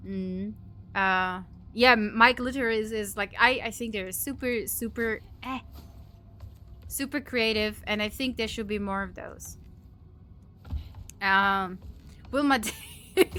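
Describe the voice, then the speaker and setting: A woman's voice: a little high, bright, forceful tone. A woman live streamer chatting casually with her viewers while gaming, giggly and chatty as she thanks them and reacts to chat.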